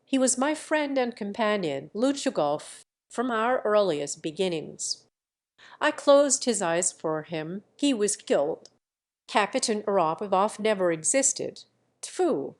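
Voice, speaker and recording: Lady reading a furious old general in an audiobook, sputtering, slow. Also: medium pitch, very animated. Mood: enraged. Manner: blustering, stammering. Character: old retired general, enraged and confused.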